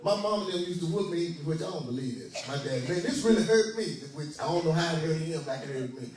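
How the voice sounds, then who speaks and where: High-voiced preacher in an echoey hall. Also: male voice, animated, fast talker, a little mellow, far from the mic. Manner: folksy, joking, urging the congregation to answer. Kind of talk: call-and-response sermon.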